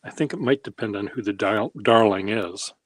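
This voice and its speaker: A man's voice: lowish voice, moderate pace, slight background noise. A man hosting a handwriting workshop, rambling casually in a wry, self-deprecating way while he demonstrates. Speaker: pen workshop host.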